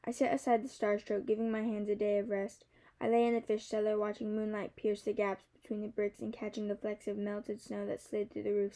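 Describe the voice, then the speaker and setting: A young woman reading a novel aloud in the first person, measured and softly expressive. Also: medium pitch, creaky. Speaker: audiobook narrator.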